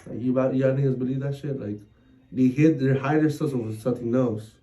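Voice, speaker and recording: A man's voice: medium pitch, fairly even intonation, brisk, dark tone, distant mic, rough recording. A man co-hosting a podcast, telling a scary story in rambling casual chat full of slang and swearing. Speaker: podcast co-host.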